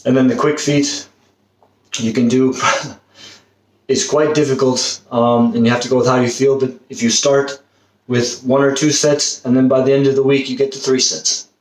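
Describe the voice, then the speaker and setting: A man's voice: medium pitch, level tone, normal speed, a little mellow. A man coaching a football fitness workout, encouraging and demonstrating the exercises as he talks, out of breath at times. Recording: roomy, distant camera mic, faint noise.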